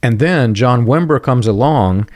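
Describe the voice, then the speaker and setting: A man talking as a guest on a Christian discussion show, thoughtful, often clearing his throat. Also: medium pitch, lively intonation, measured pace, darkish tone, dry recording.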